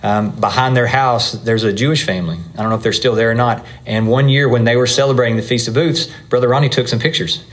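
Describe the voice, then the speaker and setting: Male preacher, mid-pitched, casual teaching tone for a live congregation. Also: fairly even intonation, fast, hardly any pauses. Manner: conversational, explaining with asides and fillers.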